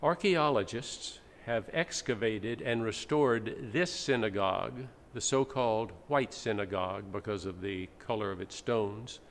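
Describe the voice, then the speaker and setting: A man's voice: on the low side, measured pace, few pauses. A male pastor preaching a sermon in a teacherly, explaining way, in a church. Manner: explanatory, teacherly, with dramatic readings. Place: church sanctuary. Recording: echoey church, faint background noise.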